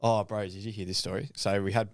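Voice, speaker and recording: Male podcast host; animated, salty storyteller, low-pitched, dry close mic. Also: fast talker, creaky, dry recording. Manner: animated storyteller, swearing and laughing, acting out quotes. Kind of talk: casual chat.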